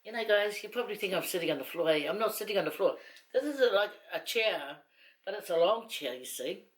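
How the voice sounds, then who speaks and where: A woman's voice: medium pitch, expressive, brisk. A middle-aged woman with a Samoan accent, telling stories casually to the camera in a rambling, teasing way, laughing often. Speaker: mukbang vlogger. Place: indoors at home, seated on a long chair.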